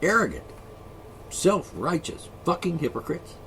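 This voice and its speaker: A man's voice: on the high side, wildly swooping pitch, unhurried, a bit bright, slight background noise. A man vlogging an angry solo rant, profane, sarcastic and mocking.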